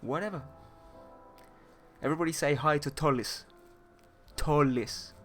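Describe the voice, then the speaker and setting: With faint music behind him, this art streamer from England talks in a fairly high, unhurried, fairly bright voice. He has a posh British accent and keeps the livestream casual, chatting and teasing viewers playfully.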